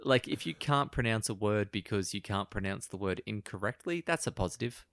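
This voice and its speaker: Male podcast co-host, casual and reflective, low and gravelly. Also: expressive, fairly quick, fairly bright tone, dry recording. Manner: thoughtful, hedging with ums and likes. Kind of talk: casual chat.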